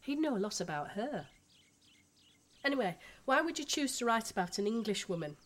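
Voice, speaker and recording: A woman's voice: fairly high pitch, big pitch swings, normal speed. An actress in her thirties with a Yorkshire accent, playing a frank, gossipy expat housewife and mother in a radio drama. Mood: chatty. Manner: blunt, gossipy, down-to-earth.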